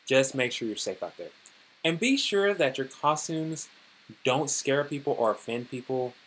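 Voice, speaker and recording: A man's voice: medium pitch, lively intonation, normal speed, a bit bright, slight background noise. A man giving a casual, rambling news commentary on his vlog, talking loosely and filling his sentences with "you know" and "like.". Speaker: vlogger.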